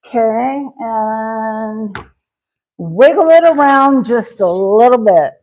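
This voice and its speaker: A woman's voice: on the high side, lively intonation, slow, a little mellow, low-quality recording. A woman hosting a cooking livestream, chatting casually and answering viewer comments with folksy sayings and many fillers. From Wyoming. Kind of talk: casual live-stream chat while cooking.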